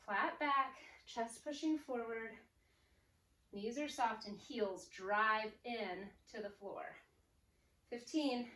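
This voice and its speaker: Breathy woman coaching a workout. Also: on the high side, slow, fairly bright tone. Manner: upbeat, counts down reps, cues form. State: slightly out of breath. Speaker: fitness instructor. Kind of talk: workout coaching while exercising. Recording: echoey room, distant mic, faint noise.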